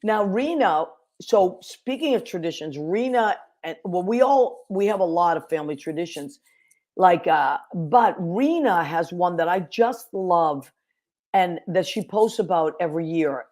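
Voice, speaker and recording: A woman hosting a casual chat show, telling family stories with lively energy. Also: lowish voice, a little slow. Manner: animated storyteller, laughs while recalling family. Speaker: podcast host.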